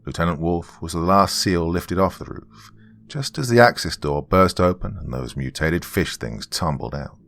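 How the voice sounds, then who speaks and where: A man with a remarkably low, bass voice narrates a first-person horror tale. His delivery is grave and measured, the way a storyteller paces a tense account. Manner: grave, measured storytelling with shouted quoted lines.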